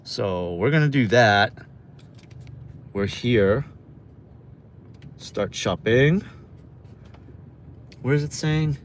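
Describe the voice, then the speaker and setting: A man's voice: mid-range voice, lively intonation, drawn-out words, pauses often, slight background noise. Chatty man livestreaming from his car. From New York. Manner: chatty, rambling, talks to chat viewers. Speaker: delivery driver livestreamer. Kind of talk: casual livestream chat. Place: in a car, then a store. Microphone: phone camera.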